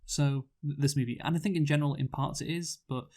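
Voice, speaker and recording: A man co-hosting a casual movie review chat, relaxed and hedging, often trailing off. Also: on the high side, quick pace. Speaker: podcast co-host.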